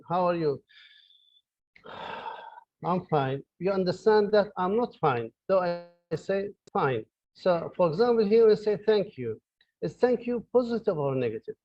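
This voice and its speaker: A man's voice: a little high, no room sound, highs cut off. Male professor, hesitant lecture. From Libya. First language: Arabic. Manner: hesitant, many fillers and restarts. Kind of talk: online lecture. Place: his office.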